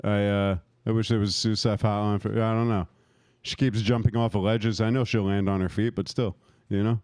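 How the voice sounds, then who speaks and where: A man's voice: on the low side, level tone, brisk, a little mellow, smooth, no room sound. A man in his thirties doing a profane, rambling stand-up set, laughing at his own jokes and working the crowd. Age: 30s. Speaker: stand-up comic.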